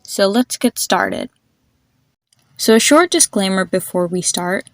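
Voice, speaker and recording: A woman hosting an instructive podcast, patient and methodical, slowing down to demonstrate sounds and spelling words out letter by letter. Her voice sits at an ordinary middle pitch. It is recorded close and dry, with no room sound. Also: lively intonation, no room sound. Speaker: podcast host.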